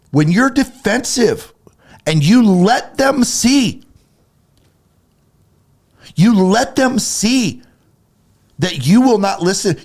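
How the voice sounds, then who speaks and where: A man co-hosting a Christian talk show, getting heated and emphatic as he acts out little quoted conversations. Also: sits high. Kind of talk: casual faith talk, preachy.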